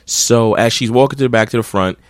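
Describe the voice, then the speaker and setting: A man's voice: medium pitch, fairly quick, dry recording, clean studio sound. A man hosting his own podcast, telling a rambling, profane anecdote in a blunt, casual way. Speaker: podcast host. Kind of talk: casual storytelling.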